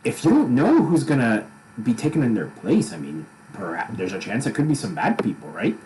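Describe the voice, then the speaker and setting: A man's voice: big pitch swings, fairly quick, darkish tone, slight background noise, close to an everyday voice, poor audio. A man voicing a jovial male dwarf god with a put-on Scottish accent, hearty and boisterous in a tabletop game. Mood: coaxing. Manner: hearty, boisterous, pitched up high.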